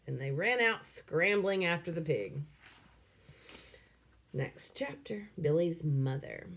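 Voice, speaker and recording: A woman narrating a children's novel aloud in an expressive, animated way. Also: lowish voice, takes it slowly, pauses often.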